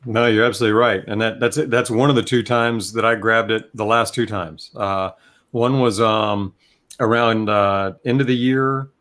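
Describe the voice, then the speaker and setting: Easygoing man in casual chat. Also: mid-range voice. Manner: relaxed, candid, peppered with "you know what I mean". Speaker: co-host and vape reviewer.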